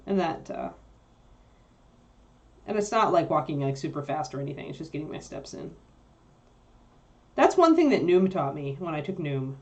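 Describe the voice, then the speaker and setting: A woman with a somewhat low voice co-hosts a livestream in casual chat. She rambles through her thoughts with plenty of fillers and laughs easily as she answers viewers. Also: a little mellow, lo-fi sound.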